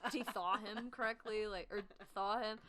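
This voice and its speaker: A woman's voice: medium pitch, steady tone, normal speed, sharp tone. A woman co-hosting a podcast in casual true-crime chat, joking and laughing often. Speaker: podcast co-host.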